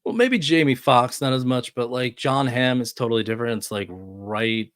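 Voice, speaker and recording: A man's voice: medium pitch, moderate pace, a bit bright, no echo. A man joining as a guest in a casual movie chat, talking in a laid-back way that trails off.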